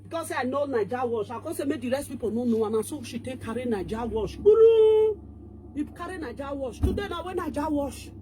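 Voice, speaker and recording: A woman's voice: sits high, lively intonation, quick pace, hardly any pauses, darkish tone, slight background noise. A woman with a Nigerian Pidgin accent, ranting and scolding in casual online commentary, switching between languages.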